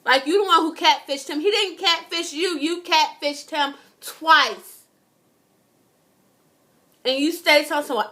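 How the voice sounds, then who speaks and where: A woman's voice: high-pitched, unhurried, long pauses, bright, forceful tone. A young woman, giving a casual, indignant TV review and swearing freely. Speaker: vlogger.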